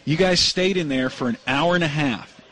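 A man with a fairly high voice hosting a radio show. He tells stories in casual on-air banter, animated and full of mock outrage. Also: moderate pace, low-quality recording. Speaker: radio host.

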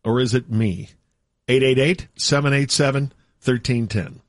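A man's voice: medium pitch, a little slow, no echo, clean studio sound. A man hosting a morning radio call-in show, chatting casually and laughing often. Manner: laughs often, self-deprecating. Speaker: radio show host taking calls. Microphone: studio microphone.

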